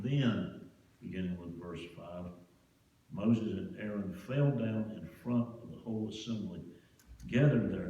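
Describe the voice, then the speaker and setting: A man's voice: mid-range voice, warm tone. A man preaching a sermon as pastor, in a folksy, conversational way with homespun asides. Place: church sanctuary. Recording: distant, echoey church sanctuary, dull sound.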